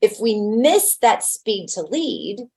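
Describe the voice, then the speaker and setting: A woman's voice: mid-range voice, sing-song, slow pace, darkish tone. A woman who works as a real estate agent, giving a casual webinar talk in a blunt, conversational way and using homely everyday examples.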